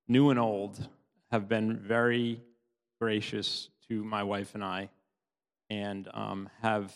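A middle-aged man giving a tearful, halting personal testimony in church. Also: fairly low pitch, vocal fry, smooth. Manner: halting, many restarts, laughs often. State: tearful, sobbing at times. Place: church hall. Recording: long hall reverb.

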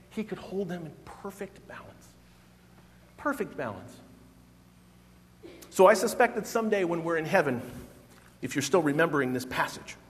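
Animated preacher in a reverberant hall. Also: male voice, fairly high pitch. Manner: expressive, emphatic, acts out quoted voices. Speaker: pastor. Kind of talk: sermon.

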